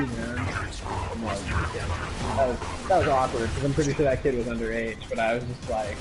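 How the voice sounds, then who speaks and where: A man's voice: mid-range voice, fairly even intonation, moderate pace, loud music behind the voice. A man chatting casually on a live stream, agreeing briefly and telling profane stories of his own. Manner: laid-back, profane, short agreeing replies. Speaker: streamer co-host. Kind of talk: casual chat while gaming. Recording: noisy stream audio.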